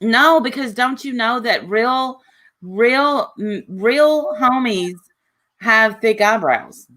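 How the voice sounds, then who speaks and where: Woman streamer, bright voice, slow teasing delivery, laughs a lot. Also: a little high, expressive. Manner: laughing, teasing, trash-talking. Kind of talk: casual chat.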